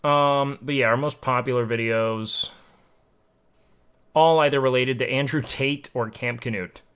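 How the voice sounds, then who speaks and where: A man's voice: mid-range voice, fairly even intonation, measured pace, fairly bright tone, smooth. A young man livestreaming, chatting casually and musing aloud to his chat, swearing now and then, at a home desk mic.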